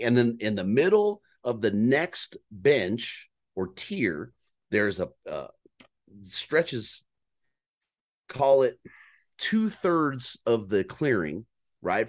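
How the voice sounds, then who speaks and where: Casual storyteller: man, low pitch, animated delivery, swears freely, acts out the action. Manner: animated, profane, mimics elk calls. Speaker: guest storyteller on a hunting podcast.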